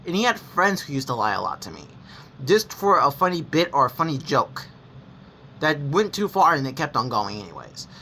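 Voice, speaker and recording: Sing-song and sharp in tone, the mid-range voice moves at a moderate pace over a little hiss or hum. This young adult gaming vlogger speaks frankly to the camera about personal experiences, rambling, restarting often, self-correcting, and dropping casual swears.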